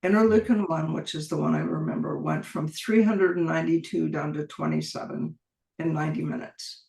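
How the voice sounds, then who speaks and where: A woman guest in an interview, telling an animated story and acting out the dialogue she recounts. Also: sits low, fairly quick, vocal fry. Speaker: guest, clinician and researcher. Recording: roomy echo.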